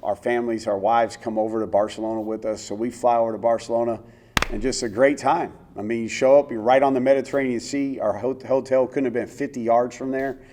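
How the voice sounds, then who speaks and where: Earnest, mellow-voiced middle-aged man. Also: medium pitch, fairly quick, slight background noise. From United States. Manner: earnest, animated storyteller with many fillers. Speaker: former NFL quarterback, interview guest. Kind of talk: storytelling in a sit-down interview.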